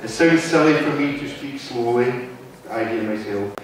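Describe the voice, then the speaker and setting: A man's voice: mid-range voice, moderate pace, recorded from a distance, slight background noise. Man with Wigan accent, echoey hall. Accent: Wigan, Lancashire. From North West England. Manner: conversational, keeps checking in with the room. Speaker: guest speaker. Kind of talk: public talk to a live audience. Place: meeting hall.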